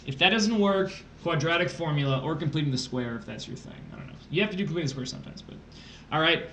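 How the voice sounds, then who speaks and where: A man's voice: on the high side, quick pace, a bit bright. A man with a slightly raised voice walks through a math problem step by step, dropping playful asides as he teaches a streamed test-prep lesson. The room is echoey, with a faint hiss underneath. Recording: roomy echo.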